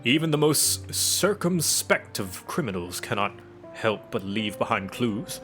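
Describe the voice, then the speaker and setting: A man voicing a pompous gentleman inspector with flowery, formal diction, reading game dialogue aloud in character. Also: medium pitch, big pitch swings, measured pace, faint music behind. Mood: grandiose. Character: pompous gentleman inspector, grandiose and self-assured.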